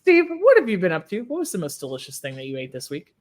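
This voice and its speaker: A woman's voice: fairly low pitch, wildly swooping pitch, darkish tone. Sleepy lady hosting a food podcast, jokes around and laughs a lot. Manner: laughing, jokey, drawn-out yawny delivery. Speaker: podcast host. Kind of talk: casual chat.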